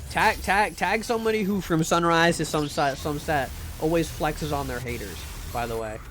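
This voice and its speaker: A man's voice: fairly high pitch, moderate pace, fairly bright tone, slight background noise. A man streaming a game live, joking around as he plays and reads chat, often repeating words while he talks. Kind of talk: live gameplay commentary and chat reading.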